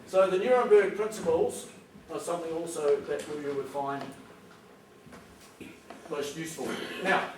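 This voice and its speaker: This New Zealand-accented public speaker has a voice on the high side, a steady tone, and a slightly slow delivery with frequent pauses. He addresses a school hall audience emphatically and plainly, acting out phone calls, while the distant recording picks up echo and background noise.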